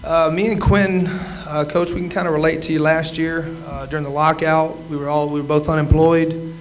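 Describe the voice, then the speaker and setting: A man's voice: a little high, flat delivery, brisk, a little hiss or hum, poor audio. Man in his twenties roasting his coach. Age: 20s. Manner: joking, teasing, many filler "uh"s. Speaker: roaster, former quarterback. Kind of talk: comedy roast speech.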